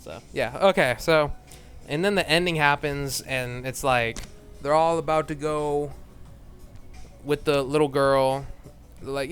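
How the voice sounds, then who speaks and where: A man's voice: fairly high pitch, fairly even intonation, a little slow, pauses often, a bit bright, smooth, soft background music. A man ranting in a casual, rambling way, blunt and full of swearing, laughing often and trailing off into mumbled asides. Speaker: vlogger.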